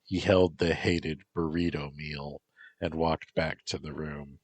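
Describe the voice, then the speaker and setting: Deep, slow husky male narrator. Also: fairly even intonation, no room sound. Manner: slow, measured. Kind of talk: storybook reading.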